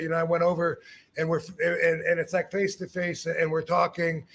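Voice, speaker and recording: A middle-aged man with a slightly high voice speaks at normal speed over slight background noise. Hosting a podcast, he tells an animated, casual story, acting out other people's words and restarting frequently.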